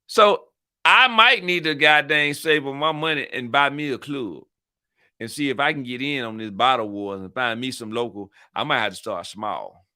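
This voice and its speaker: Male host, casual rambling monologue, slangy and repetitive, forceful tone. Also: medium pitch, moderate pace, dry recording, studio quality. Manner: slangy, repetitive, playful hype. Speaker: channel host.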